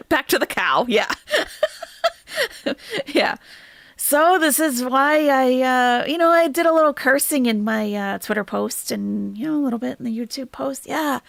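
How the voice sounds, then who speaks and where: A woman's voice: high voice, expressive, slow pace, vocal fry, long pauses, no room sound. A woman hosting a casual reaction livestream, chatty and blunt, reading viewer comments. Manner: chatty, swings from soft sympathy to blunt profane ranting.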